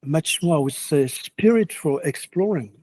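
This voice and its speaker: Soft-spoken halting yogi with a mellow voice. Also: male voice, fairly high pitch, animated. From France. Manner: halting, many restarts and fillers, earnest. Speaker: yoga teacher. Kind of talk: reflective interview answers.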